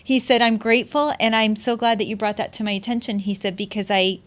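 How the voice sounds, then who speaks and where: A woman's voice: a little high, fairly even intonation, fast, fairly bright tone. A middle-aged woman hosting a podcast, telling personal stories in an emotional, heartfelt way with frequent laughs and restarts. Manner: emotional storytelling, laughs often, many restarts. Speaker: podcast host. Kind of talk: casual heartfelt conversation.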